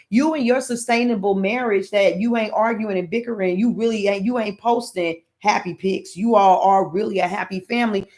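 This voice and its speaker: Frank, slangy woman business coach. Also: medium pitch. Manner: frank and conversational, uses casual slang. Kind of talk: casual coaching talk.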